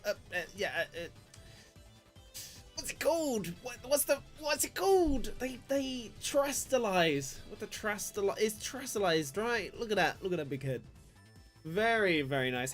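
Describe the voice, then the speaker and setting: Chatty higher-voiced man streaming. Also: fairly bright tone. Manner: rambling, chatty, self-deprecating, talks to chat. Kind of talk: casual live-stream card opening commentary. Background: faint background music.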